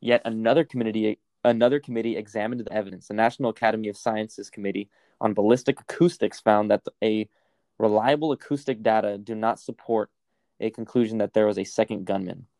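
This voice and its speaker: Young male co-host, fast, slightly low voice, swears freely, dry close mic. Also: fairly even intonation, warm tone, dry recording. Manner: swearing, rambling storyteller. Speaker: podcast co-host. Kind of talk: casual chat reading facts aloud.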